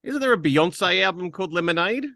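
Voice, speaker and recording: A man's voice: sits high, animated, fairly quick, creaky, pushed and bright, no room sound. A man co-hosting a casual film review podcast, giving dry plot recaps with wry jokes. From Australia. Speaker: podcast co-host.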